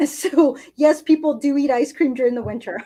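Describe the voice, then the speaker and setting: A woman's voice: sits high, moderate pace, dark tone, poor audio. A woman co-hosting a podcast, chatting casually and savoring food as she tastes it aloud. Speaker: podcast co-host. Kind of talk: casual food-tasting chat.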